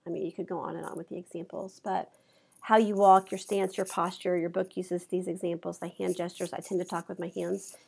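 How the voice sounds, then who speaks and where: Gravelly low-voiced woman with allergies. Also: level tone, a little fast, darkish tone. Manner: conversational, with examples and fillers. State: congested from allergies. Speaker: college instructor. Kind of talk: recorded lecture. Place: office. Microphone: clip-on mic.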